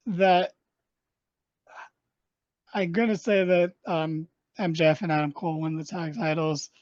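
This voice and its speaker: A man's voice: high voice, no room sound. Podcast co-host, male, rambling and jokey, recorded dull and dry. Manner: rambling, jokey, many fillers and restarts. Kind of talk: casual chat.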